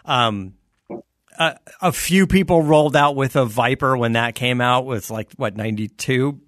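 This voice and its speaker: A man from South Florida hosting a casual chat and reading an ad, relaxed and rambling. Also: mid-range voice, normal speed, dry recording, clean studio sound. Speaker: host.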